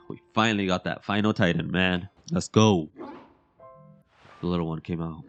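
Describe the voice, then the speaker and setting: A young man giving chatty, excitable let's-play commentary on a game, mocking himself as he goes. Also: low-pitched, lo-fi sound. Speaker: gaming commentator.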